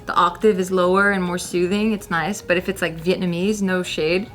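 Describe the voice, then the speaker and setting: A woman's voice: lowish voice, fairly even intonation, moderate pace, a bit bright, soft background music. A young woman speaking frankly and playfully as a panelist in a casual group chat.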